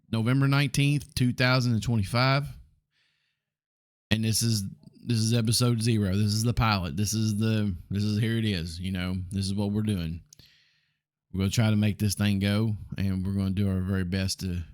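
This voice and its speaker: A man's voice: fairly low pitch, fairly even intonation, moderate pace, a little mellow. Laid-back Southern man in his forties. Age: 40s. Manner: rambling, blunt, frequent ums and mild swearing. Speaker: podcast host. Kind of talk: casual solo podcast talk.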